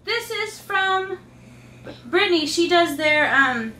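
A high-pitched mother hosts a casual unboxing, her voice swooping up and down as she gushes and coos to her toddlers. She speaks unhurriedly. The sound comes from a mic set some way off in an echoey room with a faint hum of ambience. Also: lively intonation, takes it slowly, pushed and bright, far from the mic. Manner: gushing, sing-song baby talk to her toddlers. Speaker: mother and channel host. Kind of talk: casual unboxing vlog talk.

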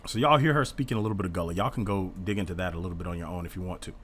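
A man with a fairly low voice leads an informal Bible study. He talks earnestly and a little defensively as he reads and explains passages. A faint hiss sits under his voice. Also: rapid-fire, fairly bright tone.

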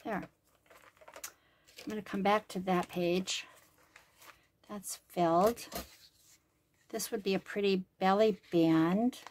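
Working on crafts at home, this woman talks casually to herself, musing aloud and occasionally whispering. She takes it slowly with frequent pauses, her medium-pitched voice steady and darkish in tone, against a little hiss or hum.

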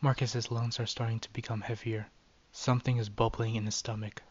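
A man narrating a short story in a steady, even dramatic reading. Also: medium pitch, fairly quick, no echo, muffled recording.

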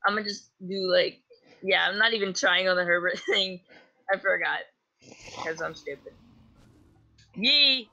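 A man's voice: high-pitched, fairly even intonation, moderate pace, creaky, sharp tone, muffled recording. A man chatting goofily while playing a video game with a friend. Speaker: gamer co-host. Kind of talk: casual gaming chat.

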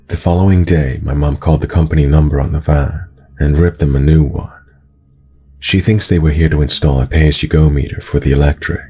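Very deep, husky male horror narrator. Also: dark tone. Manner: slow, measured, low-key reading. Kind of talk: scripted horror story narration. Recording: narration over background music.

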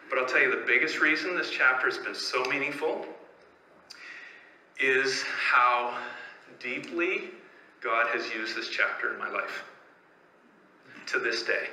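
Man, pastor, conversational sermon, rhetorical questions, bright tone, echoey church sanctuary. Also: mid-range voice. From Canada. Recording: echoey church room, faint ambience.

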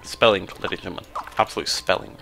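A British man hosting a casual gameplay commentary, excitable and prone to jumping into high squeals. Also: fast talker. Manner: excitable, jumps into high squeals when surprised or delighted. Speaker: let's play host.

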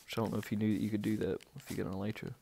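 A man giving casual, rambling commentary on a tour of his game village, easily excited and breaking into sudden outbursts. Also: lowish voice, racing, creaky, husky.

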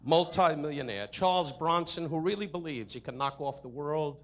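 A man at a benefit dinner in a hotel ballroom, delivering an insult comedy roast in rapid jabs and mock-sincere asides into a podium microphone. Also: a little high, a bit bright. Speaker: comedian roasting the guest of honor.

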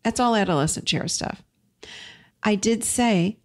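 A woman's voice: medium pitch, normal speed. A middle-aged woman hosting a self-help show, talking earnestly through a numbered list of points. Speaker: podcast host.

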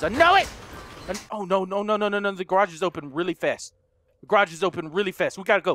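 A man's voice: high-pitched, expressive, quick pace, fairly bright tone, faint music behind. A man playing a horror game for viewers, talking to them as he goes, often panicking, screaming and swearing at the monsters. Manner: talks to viewers as guys. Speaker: gaming YouTuber. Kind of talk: let's play commentary.

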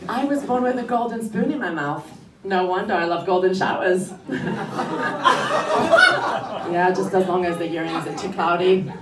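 A young Frenchwoman does stand-up on a comedy club stage, delivering dry one-liners and laughing at her own jokes. Her voice is on the low side, at normal speed with frequent pauses. It's heard from a distance in an echoey room, with a crowd and audience laughter behind her.

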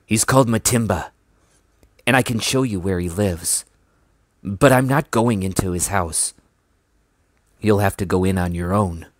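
A man's voice: low voice, measured pace, long pauses, no room sound. A man doing a wary, reluctant young boy. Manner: reluctant, cautious. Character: wary young village boy, the hero's friend.

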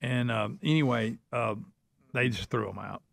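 A man's voice: mid-range voice, normal speed, vocal fry, a bit bright, no room sound, studio quality. An older man, co-hosting a radio show, telling folksy family stories with easy laughter. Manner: folksy storyteller, drawls and laughs through anecdotes. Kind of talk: casual morning-show chat.

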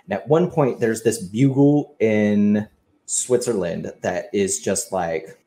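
Low, mellow-voiced man telling a story. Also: takes it slowly. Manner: animated retelling, acts out quoted lines, swears casually. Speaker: podcast co-host. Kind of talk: casual storytelling chat.

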